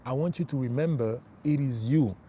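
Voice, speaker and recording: A man's voice: medium pitch, normal speed, dark tone, slight background noise. A middle-aged man working as a spiritual life coach, giving an emphatic motivational livestream talk. He repeats his key phrases and calls his listeners bro.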